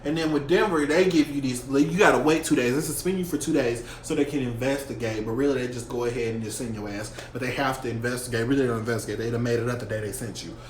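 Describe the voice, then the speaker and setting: A young man telling a story from his school days in a casual storytime vlog, animated and heavy with profanity and slang. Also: mid-range voice, fast, few pauses. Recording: echoey room with faint hum.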